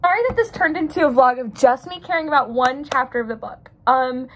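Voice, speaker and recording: A young woman talking in a casual vlog about a book she loves, gushing and excitable, often laughing between sentences. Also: sits high, brisk. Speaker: book vlogger.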